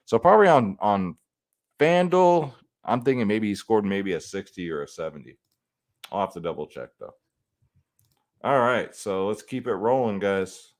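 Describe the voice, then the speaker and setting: A man's voice: on the low side, animated, normal speed. A man hosting a fantasy sports picks video, talking casually and swearing freely as he breaks down upcoming fights. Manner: laid-back and conversational, swears freely and says "man" often.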